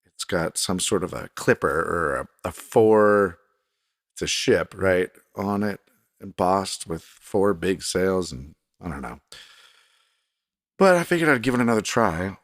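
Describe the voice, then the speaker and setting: Podcast host, male, very low voice, rambling self-deprecating solo chat, close and dry. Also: big pitch swings, unhurried, no room sound. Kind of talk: casual solo podcast monologue. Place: desk in a home recording room.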